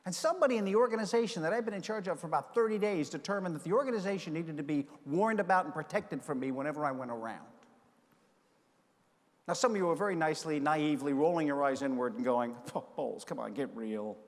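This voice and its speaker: A middle-aged man giving a conference keynote, telling a story and acting out the dialogue with lively energy. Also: a little high, quick pace. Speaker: keynote speaker. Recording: long hall reverb.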